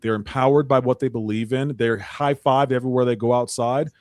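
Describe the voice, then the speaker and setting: A man's voice: medium pitch, steady tone, fairly quick, a little mellow, no room sound, clean studio sound. A man hosting a political commentary panel, emphatic and preachy, with a mocking edge. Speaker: panel host.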